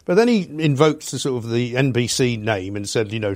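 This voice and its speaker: A man hosting a studio talk show, scornful and animated as he tells his stories. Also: mid-range voice, a little fast, few pauses, dry recording. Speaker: talk radio host. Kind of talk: opinionated chat.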